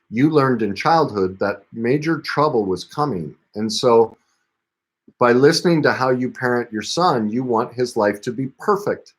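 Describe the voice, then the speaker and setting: A man, a parenting coach, telling the story of a client session and acting out both sides of the dialogue. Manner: retells dialogue, rising in pitch when quoting himself. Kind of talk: storytelling talk about a client case.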